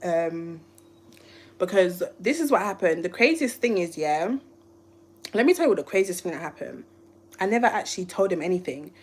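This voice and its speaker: A woman's voice: on the low side, expressive, moderate pace, breathy edge. A woman from the UK, a YouTuber, telling a rambling, emotional story on a live stream. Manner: emotional, rambling, restarts often. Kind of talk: casual livestream storytelling.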